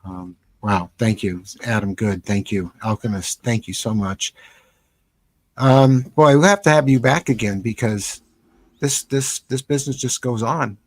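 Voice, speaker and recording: A man hosting a live stream interview over a video call, talking in a relaxed way with many fillers. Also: mid-range voice, unhurried, no echo. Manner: relaxed, thankful sign-off with fillers. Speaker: host.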